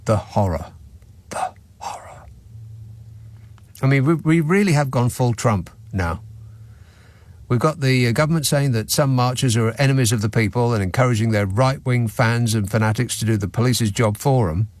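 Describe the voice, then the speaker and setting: A man's voice: medium pitch, a little fast, a little mellow, dry recording. A man hosting a radio phone-in, talking in a sarcastic, mocking, dry-witted way. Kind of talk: opinionated talk radio monologue. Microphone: studio microphone.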